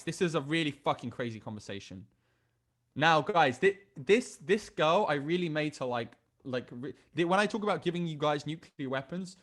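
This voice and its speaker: Male dating coach, slightly high voice, blunt and crude, keeps restarting his sentences. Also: a bit bright. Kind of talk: online masterclass talk.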